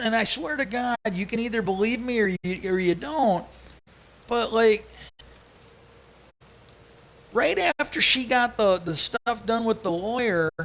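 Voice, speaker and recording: A man's voice: high-pitched, a bit bright, rough recording. A man ranting angrily in a casual livestream monologue, swearing often and restarting his sentences as he rambles. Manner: angry, profane, rambling with many restarts. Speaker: livestream host.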